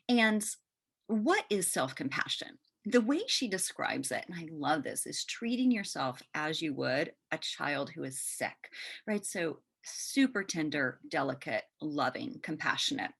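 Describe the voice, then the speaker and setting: A woman hosts a casual self-help talk with a lively, swooping delivery. Her voice is gravelly and a bit husky, and it sits on the low side. She keeps it gentle and conversational. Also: a little slow. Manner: gentle, conversational, often asks "right?". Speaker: podcast host.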